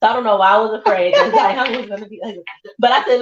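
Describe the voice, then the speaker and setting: A woman's voice: mid-range voice, quick pace, crowd noise. A woman with a mid-range voice tells stories vividly in casual chat, acting out other people's voices. The sound is roomy and somewhat dull. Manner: vivid storyteller, acts out voices. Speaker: podcast co-host.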